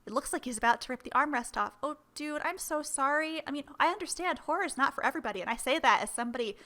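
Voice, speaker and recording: A woman with a bright, fairly high voice reads a dating game aloud. She breaks in often with playful, chatty remarks to the characters on screen. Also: animated, quick pace. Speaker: let's-play host.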